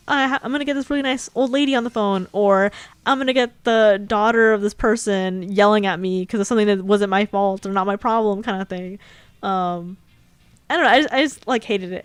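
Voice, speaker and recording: A woman's voice: mid-range voice, smooth, no echo. Giggly Californian woman, dry sound. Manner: rambling, giggly, lots of "like". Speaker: streamer. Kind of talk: casual chat.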